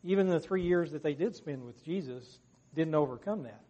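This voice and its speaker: Husky man leading a Bible study. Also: fairly high pitch, animated, normal speed, dark tone, highs cut off. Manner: earnest, acts out quotes with raised voice. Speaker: discussion leader.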